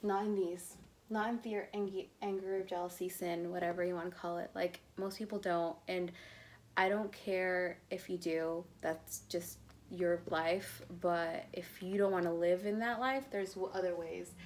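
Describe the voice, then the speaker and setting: A woman's voice: fairly low pitch, steady tone, a little slow. Give me a young woman coach talking bluntly and casually, with plenty of swearing. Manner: blunt, swears freely, calls listeners bro. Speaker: love coach. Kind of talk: casual vlog-style talk to viewers.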